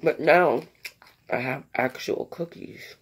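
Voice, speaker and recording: A tired woman with a raspy voice, chatting casually and rambling between bites in an eating vlog. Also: deep voice, slow. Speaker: mukbang vlogger.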